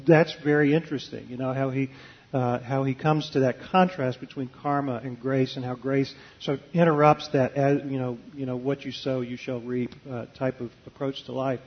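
A man's voice: mid-range voice, flat delivery, moderate pace, muffled recording. A man who is a Baptist preacher, talking in an interview with many fillers and restarts. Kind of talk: conversational interview, reading a passage aloud.

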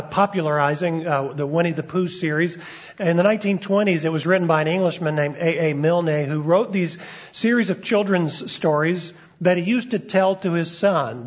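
A man preaching a sermon as a pastor, conversational, with frequent fillers and restarts. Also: a little high. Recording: dull lo-fi recording.

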